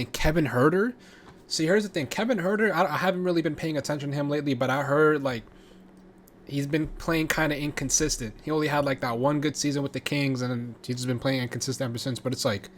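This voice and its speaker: A man vlogging his reaction to sports trades, talking casually with excitable, profane rants and frequent restarts. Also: a little high, a little hiss or hum.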